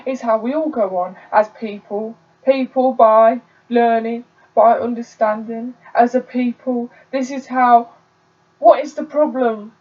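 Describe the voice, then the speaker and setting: A young woman from England performs a solo dramatic monologue. She tells the story casually and breaks into loud bursts now and then. The voice sits back from the mic, and the recording sounds dull and muffled. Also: a little high. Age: young adult. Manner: conversational storytelling with sudden loud outbursts. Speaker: theatre student. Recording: dull, distant home recording.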